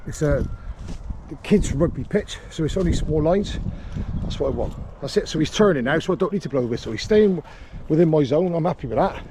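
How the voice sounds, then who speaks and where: Male dog trainer, mellow voice, calm explainer, recorded outdoors with faint background noise. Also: fairly high pitch, fairly quick. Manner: calm explaining, with sharp shouted commands to a dog. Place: small grass sports field outdoors.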